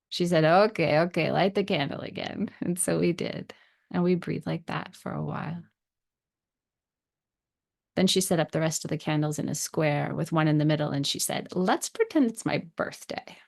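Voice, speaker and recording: A woman podcast host gently narrating a scripted personal story, voicing the dialogue she quotes. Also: low-pitched, vocal fry.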